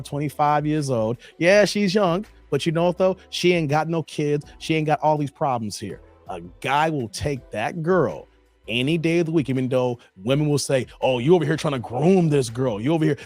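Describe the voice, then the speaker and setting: Chatty male livestream commentary host. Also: a little high. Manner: chatty, reads chat aloud, repeats phrases. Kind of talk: livestream commentary reacting to clips.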